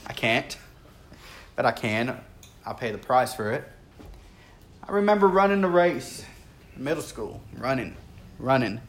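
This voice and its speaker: A man preaching a sermon, telling a story earnestly and swinging between rising intensity and hushed, quiet stretches. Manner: earnest, builds in intensity and then drops low and quiet.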